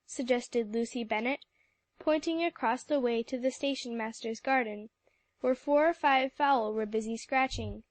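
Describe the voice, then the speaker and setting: A woman reading a classic children's novel aloud in clear, even storytelling narration. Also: a little high, a little slow, no room sound. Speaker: audiobook narrator. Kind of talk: scripted narration.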